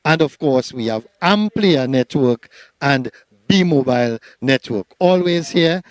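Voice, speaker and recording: A man's voice: medium pitch, lively intonation, takes it slowly. A man hosting live coverage of an outdoor sports day, chatty and rambling with many fillers. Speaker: event host. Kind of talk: live event commentary. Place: seated at an outdoor sports ground.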